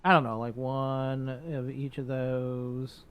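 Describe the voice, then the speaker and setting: A man giving casual let's-play commentary, relaxed and thinking aloud as he builds in a game. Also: mid-range voice, slow pace, smooth. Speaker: gaming YouTuber.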